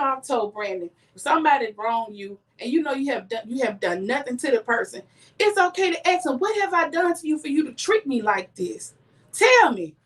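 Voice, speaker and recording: A middle-aged woman, giving earnest life advice straight to her viewers in a casual live stream. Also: high-pitched. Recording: voice a bit distant from the mic.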